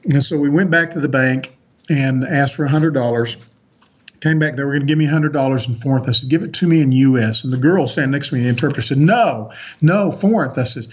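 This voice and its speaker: A man's voice: medium pitch, a little mellow, breathy edge, dull audio. A man on a podcast as a guest, earnestly recounting a personal story with frequent restarts.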